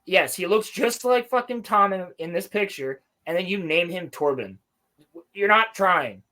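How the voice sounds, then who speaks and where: Young male podcast co-host, high-pitched, profane and mocking in casual recap chat. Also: expressive, a little slow, pushed and bright.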